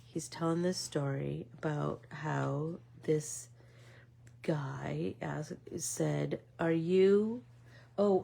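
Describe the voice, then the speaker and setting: A middle-aged woman talks casually while she makes art, her low voice slow and unhurried. Her tone is gravelly and husky, and she rambles through her story with plenty of fillers, sometimes sinking into a whisper. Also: dark tone. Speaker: art vlogger.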